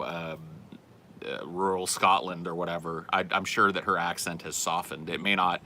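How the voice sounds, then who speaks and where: Deep-voiced rambling man, bright tone. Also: a little hiss or hum. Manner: rambling, self-correcting, conversational. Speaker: podcast host reading chat questions. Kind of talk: casual livestream chat.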